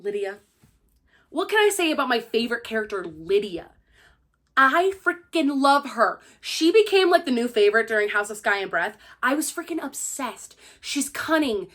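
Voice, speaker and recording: A young woman gushing through a casual, spoiler-filled book review, excitable and full of "like". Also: a little high, normal speed. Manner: gushing, excitable, heavy use of "like".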